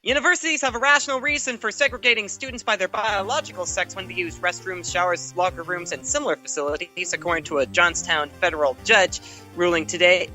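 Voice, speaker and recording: A man's voice: sits high, quick pace, pushed and bright, faint music behind. A man co-hosting an online news show, reading news items and adding wry quips, calling in over the internet. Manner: wry, reads news copy then jokes about it. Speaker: co-host, entertainment reporter. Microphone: internet call.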